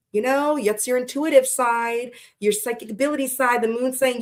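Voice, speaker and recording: Woman doing a tarot livestream, chatty and cussing, a bit high-pitched, greets everyone by name. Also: steady tone, normal speed, hardly any pauses. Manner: chatty, swears casually, greets viewers by name. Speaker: tarot reader livestream host. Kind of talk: casual livestream chat.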